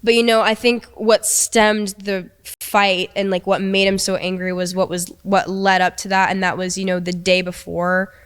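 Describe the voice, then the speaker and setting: A young woman recounting a frightening relationship in a halting way, with many restarts and quoted lines. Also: mid-range voice, little pitch movement, smooth. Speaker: interviewee recounting abuse. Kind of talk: emotional storytelling.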